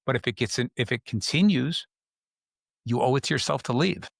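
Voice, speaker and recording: A man's voice: medium pitch, a little fast, creaky, husky, dry recording, clean studio sound. Man hosting a casual advice chat. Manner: conversational, acts out quoted people. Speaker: host.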